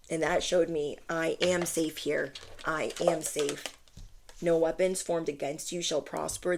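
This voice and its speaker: A woman's voice: deep voice, gravelly. A woman giving a channeled energy reading, talking earnestly and reassuringly to her viewers, rambling with fillers as she shares personal stories. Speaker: spiritual reader.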